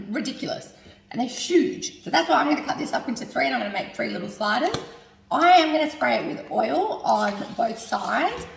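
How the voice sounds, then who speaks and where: Woman, cooking vlog host, hungover, giggly and chatty; slightly high, gravelly voice, recorded from a distance. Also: slight background noise. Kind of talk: casual cooking vlog chat. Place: home kitchen. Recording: echoey kitchen, mic at a distance.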